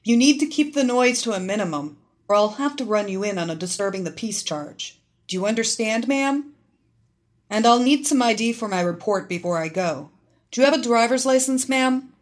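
A woman playing a loud, brisk policewoman. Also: fairly high pitch, lively intonation, pitched above the performer's own voice, lightly acted. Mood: stern. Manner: loud, clipped, authoritative. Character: brisk commanding female police officer.

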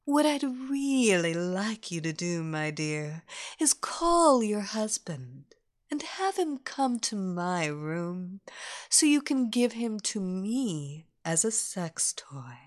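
Commanding young hypnotist woman, slow and hushed, lively pitch, drawn-out delivery, as read by a woman narrator. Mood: coaxing. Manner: slow, commanding, half-whispered.

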